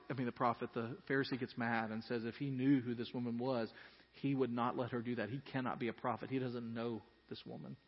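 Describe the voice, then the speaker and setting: A man preaching a sermon as pastor, earnest, swinging from quiet reflection to loud emphasis. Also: mid-range voice, slightly rough. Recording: dull sound in a reverberant hall.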